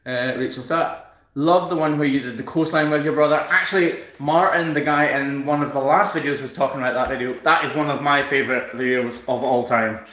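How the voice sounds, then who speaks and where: A relaxed Scottish man chats through viewer comments during a home live stream, joking easily at his own expense. His voice sits in an ordinary middle pitch. The room around him rings with a noticeable echo. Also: fairly quick. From Scotland. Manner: relaxed, chatty, self-deprecating humour. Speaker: hoof trimmer and channel host. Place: room in his newly built house.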